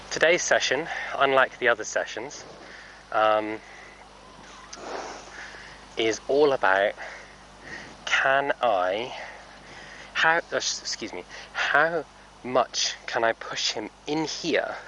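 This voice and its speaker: A man's voice: mid-range voice, animated, takes it slowly, pauses often, bright, forceful tone, slight background noise, low-quality recording. A man training a horse who talks casually and thoughtfully in a vlog, rambling with many fillers and correcting himself as he goes.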